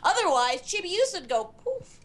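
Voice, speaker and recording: A woman co-hosting a podcast, chatting casually and animatedly, acting out quotes. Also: very high voice. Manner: animated, quick asides and acted-out quotes. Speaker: podcast co-host. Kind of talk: casual chat.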